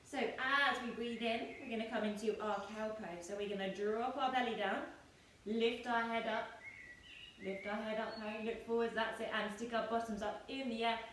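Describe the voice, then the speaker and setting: A woman in her thirties teaching yoga to children, giving gentle, playful, encouraging instructions. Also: a little high, steady tone, moderate pace. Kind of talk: guiding a kids' yoga class. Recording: echoey room, distant mic, faint noise.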